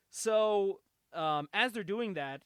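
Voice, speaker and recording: A young man hosting a podcast, casually recapping a comic book, animated and laughing often. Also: sits high, smooth, dry recording, clean studio sound. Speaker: podcast host.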